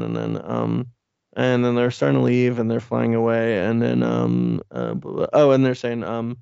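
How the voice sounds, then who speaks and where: A man's voice: medium pitch, very animated, moderate pace, gravelly, warm tone, clear, resonant tone, no room sound, muffled recording. A man casually recapping a comic on a podcast from his home office, rambling with lots of fillers and asides. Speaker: podcast co-host.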